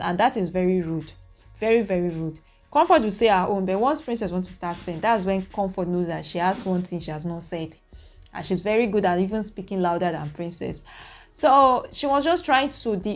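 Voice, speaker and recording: A young woman, recapping events to her viewers in an animated, opinionated way. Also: mid-range voice. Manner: animated, opinionated retelling with acted quotes. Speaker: reaction vlogger. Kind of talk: casual recap talking to viewers.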